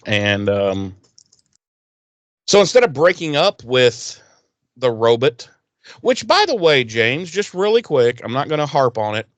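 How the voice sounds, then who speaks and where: A man's voice: medium pitch, measured pace, long pauses, no echo. A man co-hosting a podcast, recapping a TV episode in casual chat, swearing freely and acting out the characters' lines. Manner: profane, animated, acts out characters' lines. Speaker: podcast co-host.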